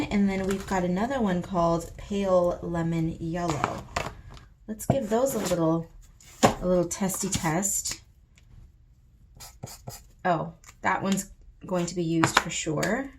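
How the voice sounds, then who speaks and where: A woman's voice: medium pitch, fairly even intonation, takes it slowly, long pauses, very noisy. A young woman chatting playfully and theatrically to her viewers while she colors. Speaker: coloring channel host. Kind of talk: casual chatty coloring vlog.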